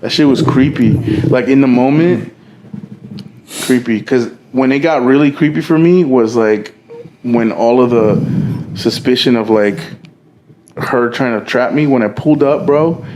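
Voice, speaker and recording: A man's voice: mid-range voice, unhurried, darkish tone. A young man co-hosting a podcast, telling a story among friends in a casual, profane, slangy way and acting out the quoted dialogue. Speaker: podcast co-host.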